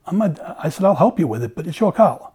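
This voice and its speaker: Middle-aged man, former cop, swearing storyteller; mellow, raspy voice. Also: fairly high pitch, quick pace. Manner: animated, acts out dialogue, swears freely. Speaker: former police officer telling his story. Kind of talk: casual storytelling in conversation.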